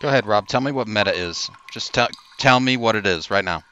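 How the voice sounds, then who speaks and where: A man's voice: lowish voice, brisk, bright, forceful tone, smooth, lo-fi sound. A man bantering in a comedy bit, exasperated and incredulous, swearing now and then. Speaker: comedy co-host.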